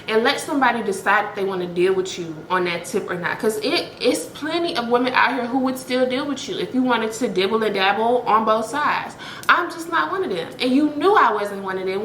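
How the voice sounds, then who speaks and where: A woman's voice: medium pitch, a bit bright, reverberant, a little hiss or hum, low-quality recording. A young woman vlogger telling a dramatic personal story straight to her viewers, blunt and profane.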